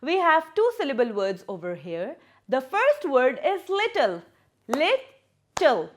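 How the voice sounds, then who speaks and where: A woman's voice: high voice, wildly swooping pitch, unhurried. A woman primary school teacher, giving a recorded lesson and patiently repeating words and breaking them into syllables.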